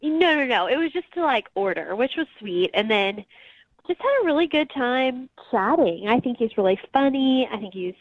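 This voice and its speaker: A woman's voice: on the high side, expressive, normal speed, dry recording, narrow, tinny audio. Chatty woman calling in on the phone. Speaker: caller. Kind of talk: phone call to a radio show.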